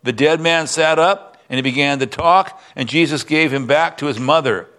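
A man's voice: on the high side, moderate pace, sharp tone. A male pastor preaching a sermon, reading a Bible passage aloud and then explaining it in a conversational teaching manner.

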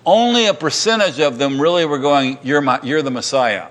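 A man's voice: on the high side, normal speed, fairly bright tone. A middle-aged man preaching a sermon as pastor in a church, acting out crowd cries and restarting his sentences.

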